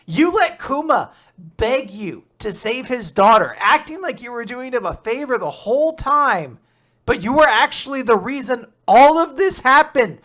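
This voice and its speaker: A podcast host voicing a furious old male scientist, shouting in outrage while recapping a manga chapter. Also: mid-range voice, big pitch swings, unhurried, voice pushed up.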